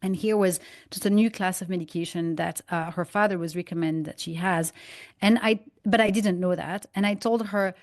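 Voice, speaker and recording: Animated woman telling stories, dry sound. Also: lowish voice, moderate pace, dry recording. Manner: animated storyteller, acts out dialogue with analogies. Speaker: guest, holistic migraine practitioner. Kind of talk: conversational interview, storytelling.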